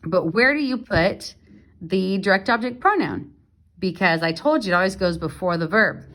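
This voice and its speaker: A woman French teacher explaining grammar in a casual recorded lesson at home, patient and unhurried with small fillers. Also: medium pitch, animated, fairly bright tone.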